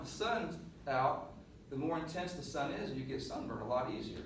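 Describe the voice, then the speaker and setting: A middle-aged man coaching on presentation skills, telling a lively story to a class and acting out the voices. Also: mid-range voice, normal speed. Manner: animated storyteller, laughs and acts out voices. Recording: roomy echo, mic at a distance, faint noise.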